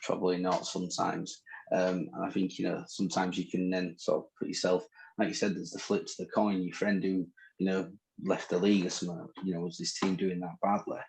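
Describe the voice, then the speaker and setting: A man with a northern English accent chats and teases his co-host on a podcast. His voice sits very low with a gravelly, creaky edge. He talks in loose, rambling banter. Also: little pitch movement, fairly quick, darkish tone, poor audio. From northern England. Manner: bantering, chatty, teasing. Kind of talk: casual chat.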